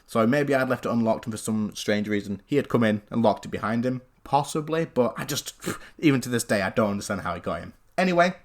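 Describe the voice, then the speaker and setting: A young man telling a story in a casual, animated way, often saying "literally". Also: mid-range voice, fast. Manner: animated, chatty, leans on "literally". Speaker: gaming YouTuber.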